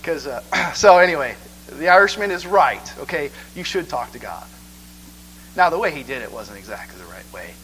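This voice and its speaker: A man preaching a sermon in church, conversational and animated, asking "okay?" again and again. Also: on the high side, moderate pace, slight background noise, low-quality recording.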